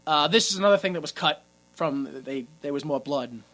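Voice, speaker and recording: Animated man recapping a movie. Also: fairly high pitch, fairly quick. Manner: animated, laughs often, acts out characters' lines. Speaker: podcast co-host. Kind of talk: casual movie recap chat.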